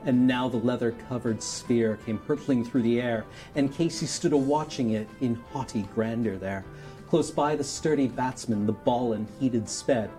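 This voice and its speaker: Brief: man, dramatic poetry reader, mellow dark tone, announcer-style delivery, faint music behind. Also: mid-range voice, normal speed. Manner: mock radio announcer delivery. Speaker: charity stream performer.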